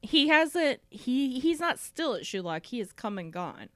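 A woman in casual chat, giggly and quick to joke along. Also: on the high side, very animated, fairly bright tone, no room sound, clean studio sound. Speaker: podcast co-host.

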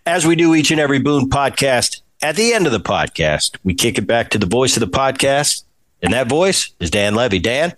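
A man's voice: medium pitch, brisk. A man hosting a podcast, a former ballplayer telling stories in casual chat and acting out the quoted exchanges. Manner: animated, acts out quoted exchanges.

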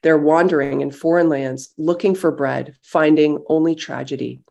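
A pastor on a call, gently leading a time of silent prayer and then reading a Bible chapter aloud. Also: medium pitch, fairly even intonation, creaky. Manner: gentle, slow, reflective. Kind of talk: sermon with guided silent prayer and scripture reading. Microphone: video call.

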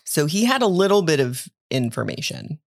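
A woman's voice: low voice, sing-song, normal speed, vocal fry, no room sound, studio quality. A woman co-hosting a podcast, casually explaining book details and laughing readily. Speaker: podcast co-host. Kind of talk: casual book-discussion chat.

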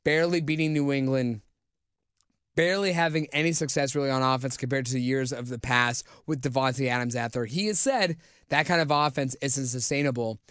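A man's voice: mid-range voice, a little fast, fairly bright tone, smooth, dry recording, studio quality. A man co-hosting a casual sports chat, talkative, laughing often and giving longer explanations. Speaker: co-host.

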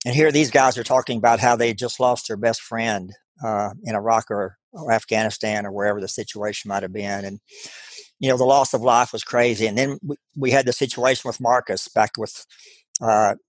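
A middle-aged man with a Texan accent, earnestly telling a personal story as an interview guest, halting and restarting often. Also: mid-range voice, fairly even intonation, no room sound.

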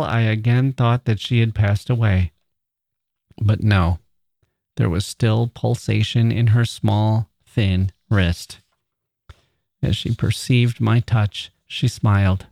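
A man reading a classic short story aloud in a measured, expressive way. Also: on the low side, dry recording, studio quality. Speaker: podcast host and reader.

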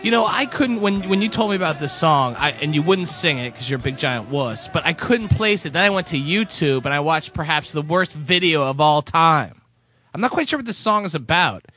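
Man, high bright voice, very lively pitch, teasing comedic co-host, dry close sound. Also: soft background music. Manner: animated, teasing, quick to laugh. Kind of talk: comedic music-countdown banter.

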